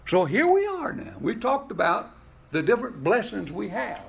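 A man's voice: high-pitched, huge pitch swings, normal speed, gravelly, slightly rough. A man preaching a sermon, asking rhetorical questions and voicing the scripture he quotes with expression. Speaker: pastor.

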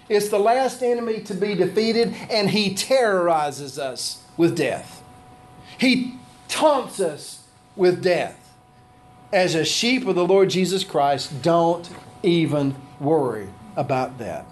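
A man preaching a sermon as pastor, with animated shifts in pitch and pace.

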